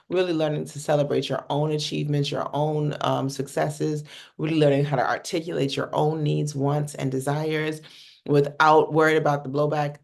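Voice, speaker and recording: Blunt, gravelly-voiced communication coach. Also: mid-range voice. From North America. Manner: casual and blunt, swears freely, asks "right?" often. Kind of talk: workshop teaching talk.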